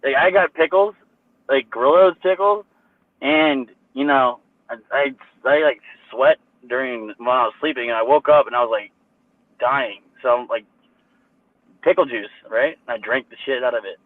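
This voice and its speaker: A man's voice: medium pitch, normal speed, no room sound. A young man telling a long, profane, rambling story in casual chat, full of fillers. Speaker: co-host. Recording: tinny phone-like line, dry.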